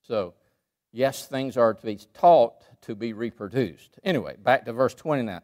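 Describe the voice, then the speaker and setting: A man preaching a sermon in a church, emphatic, rising to loud peaks and dropping to quiet asides. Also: medium pitch, animated, normal speed. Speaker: pastor. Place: church sanctuary.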